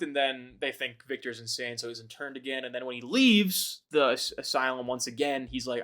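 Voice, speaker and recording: A man hosting a casual podcast chat, retelling a book with swearing, jokes and loud mocking voices for the characters. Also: mid-range voice, steady tone, brisk, hardly any pauses. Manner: profane, jokey retelling with loud mock voices. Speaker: podcast host.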